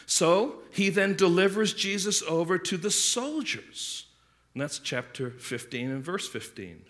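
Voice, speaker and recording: A man's voice: sits high, expressive, measured pace, fairly bright tone. A man preaching an earnest expository sermon to his congregation, repeating words as he explains a passage. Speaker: pastor.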